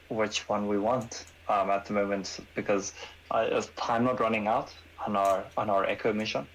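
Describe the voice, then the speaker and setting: A man's voice: fairly low pitch, level tone, normal speed, fairly bright tone, slight background noise, rough recording. A man playing a tabletop game, speaking hesitantly as he works through his options. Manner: hesitant, many fillers and restarts. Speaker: player. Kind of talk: casual game chat.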